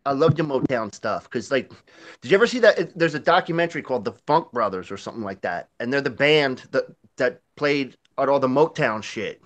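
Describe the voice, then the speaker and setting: A man's voice: medium pitch, lively intonation, brisk, no echo. A man co-hosting a casual shop-talk podcast, laid-back and profane, laughing often. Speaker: podcast co-host. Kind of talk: casual chat.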